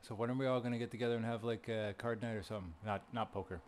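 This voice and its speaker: A man's voice: medium pitch, steady tone, racing. A man joking and teasing his friends in casual chat while setting up an online game. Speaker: gamer in a party chat.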